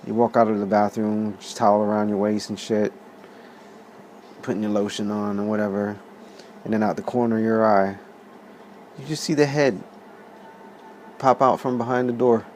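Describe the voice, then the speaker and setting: A man in his thirties rambles through a story in a loose, profane, chatty way and laughs often. His voice sits fairly low, with a faint hum of background noise behind it. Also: level tone, normal speed, long pauses, a little mellow. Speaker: vlog host.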